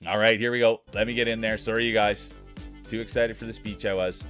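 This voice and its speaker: A man with a Canadian accent from Saskatchewan, hosting a live stream and calling marble races with energetic, hyped announcer-style banter aimed at his chat. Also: lowish voice, a little fast, faint music behind.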